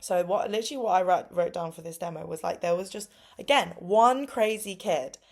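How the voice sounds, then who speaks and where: A young woman with a London accent, in her twenties, chatting casually. She talks in a somewhat low register, packs her speech with fillers, and jumps up in pitch to act out what others said. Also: a little fast, a little mellow. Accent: London English. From London, England. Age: 20s. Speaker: English teacher vlogger. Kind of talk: casual storytime chat. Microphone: phone or laptop mic.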